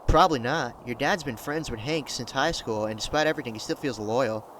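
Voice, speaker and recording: A man's voice: mid-range voice, fairly quick, fairly bright tone, slight background noise, lightly acted. A man reading as a blunt, worried mother.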